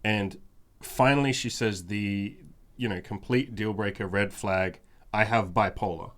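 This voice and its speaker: A man with a lowish voice tells a personal story in a casual podcast chat. He talks frankly and emphatically. He circles back on phrases to drive a point home. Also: unhurried. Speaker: podcast host.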